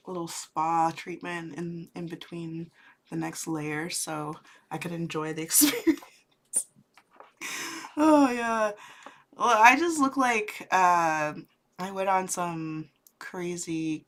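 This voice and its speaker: A woman's voice: lowish voice, a little hiss or hum. A woman in her thirties chatting casually and rambling while doing makeup on a livestream. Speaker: clown makeup streamer.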